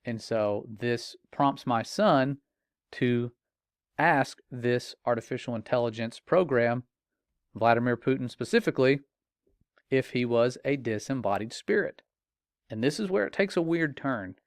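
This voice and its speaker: A man's voice: mid-range voice, measured pace, dry recording, clean studio sound. A middle-aged father telling a personal story in an earnest, warning tone, with casual fillers. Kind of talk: earnest personal testimony monologue.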